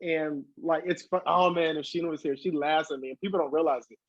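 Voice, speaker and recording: A man with a high, husky voice talks loosely and swears freely as a podcast guest. He jumps into acted-out quotes. The sound is dry and a little dull. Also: steady tone, fast, no room sound. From Southern California. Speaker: guest hip hop artist. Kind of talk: casual podcast interview.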